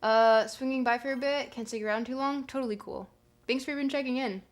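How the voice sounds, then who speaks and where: A woman's voice: high voice, fairly even intonation, fairly quick. A young woman streaming live, chatting casually and joking as she reads her chat aloud.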